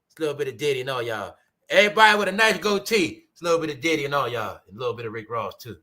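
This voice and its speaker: A man hosting his own commentary channel, ranting in a loud, mocking, repetitive way with slang. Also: medium pitch, expressive, rapid-fire.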